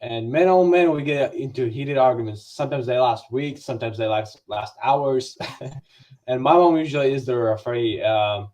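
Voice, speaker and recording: A man's voice: mid-range voice, normal speed, darkish tone, dull audio. A young man on a discussion panel as a youth guest, telling a story about his father in a hesitant way and stumbling over his words. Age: young adult. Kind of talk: casual storytelling.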